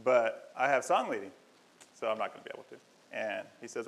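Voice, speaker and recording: A man's voice: medium pitch, a little fast, creaky, slight background noise, low-quality recording. A young man preaching a casual, joking sermon, telling stories with self-deprecating humor. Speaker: lay preacher.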